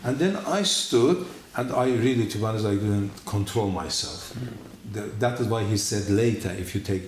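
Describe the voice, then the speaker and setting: A man giving a personal testimony in halting, non-native English, telling his story in an animated way and often laughing between phrases. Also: lowish voice. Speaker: church testimony speaker. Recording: echoey room with faint noise.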